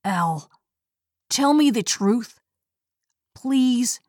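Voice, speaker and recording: A woman's voice: a little high, expressive, extremely slow, darkish tone, no room sound, studio quality, full character voice. A woman voicing a hurt and angry teenage boy who feels betrayed by his best friend, pleading and then accusing.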